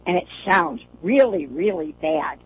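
A woman's voice: on the low side, animated, unhurried. An older woman calling in to a show, chatting casually and laughing often as she talks. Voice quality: laughs often while talking. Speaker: caller. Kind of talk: casual phone chat. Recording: tinny phone line with faint hiss.

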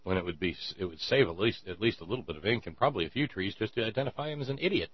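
A man's voice: lowish voice, expressive, racing, husky, no echo, lo-fi sound. Sarcastic male political commentator. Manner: sarcastic, stammering restarts. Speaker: show host.

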